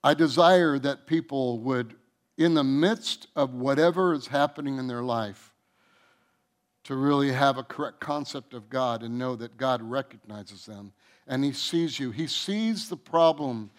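A man preaching a sermon to his church as its pastor, earnest, with restarts and soft, quiet endings to his phrases. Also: mid-range voice, a little slow. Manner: earnest, with repeated restarts and soft drops in volume. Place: church sanctuary.

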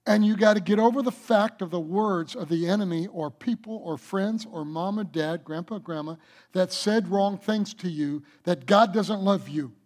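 With a high voice and moderate pace, a man preaches as a pastor. His sermon is forceful, moving back and forth between booming statements and soft asides.

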